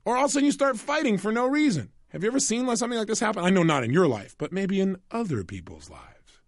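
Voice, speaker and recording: A man's voice: high-pitched, very animated, no room sound, clean studio sound. A man teaching a motivational audio program in a conversational way, often asking the listener rhetorical questions. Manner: conversational, acts out little scenes in quick voices. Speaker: self-help coach.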